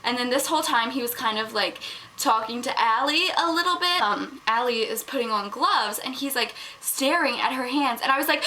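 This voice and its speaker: A teenage girl telling a storytime vlog in a casual chatty way, filling her talk with "like" and getting loud and indignant as she retells. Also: a little high, brisk, a little hiss or hum, poor audio. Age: teens. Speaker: vlogger. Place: home, at one point in a bathroom.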